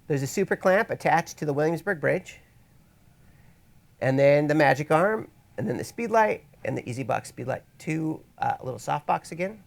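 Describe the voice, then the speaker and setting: A man's voice: mid-range voice, vocal fry. A man presenting a photography workshop in a casual teaching style, with wry, rambling asides, speaking in an event space to an audience. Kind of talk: casual instructional talk.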